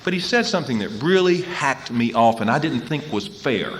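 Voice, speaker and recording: A man's voice: mid-range voice, animated, moderate pace. Male recovery speaker with a mid-range voice on a hall microphone, some faint hiss behind. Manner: storytelling, repeating phrases for weight. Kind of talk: personal recovery talk. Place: convention hall.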